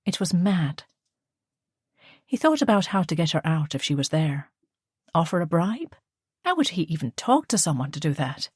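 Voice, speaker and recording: A woman narrating an audiobook in a measured storytelling manner. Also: sits low, very animated, darkish tone, breathy edge, dry recording, studio quality. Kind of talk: scripted narration.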